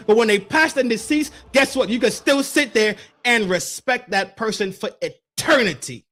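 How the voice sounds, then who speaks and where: A man hosting a podcast, delivering a mocking commentary rant with rapid-fire repeated words. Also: very high-pitched, a bit bright. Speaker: podcast host.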